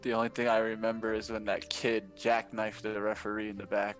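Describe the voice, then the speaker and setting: Flat low-key male trader. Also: a little fast, soft background music. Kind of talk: casual live stream chat.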